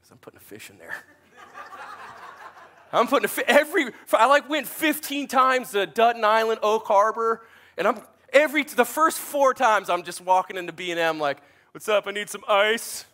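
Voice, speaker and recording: Pastor, forties; animated storyteller with a lively, forward tone. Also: male voice, extremely high pitch, normal speed. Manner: chatty, self-deprecating, animated storytelling. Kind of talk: sermon with storytelling.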